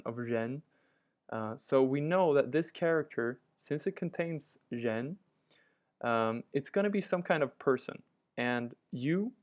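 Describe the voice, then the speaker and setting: A man teaching a language lesson, patiently walking through each example and repeating it. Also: medium pitch. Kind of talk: instructional walkthrough.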